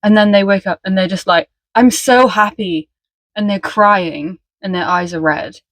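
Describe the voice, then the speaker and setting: A woman's voice: medium pitch, fairly even intonation, normal speed, fairly bright tone, no echo. A woman from Wales co-hosting a podcast in casual chat, rambling and giggly, sometimes breaking into song. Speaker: podcast co-host.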